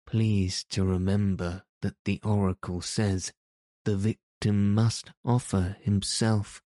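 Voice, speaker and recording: A man reading the part of a calm, polite young prince in an audiobook. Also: on the low side, slow pace, dry recording, clean studio sound. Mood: cool, polite. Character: cool, resolute young male prince.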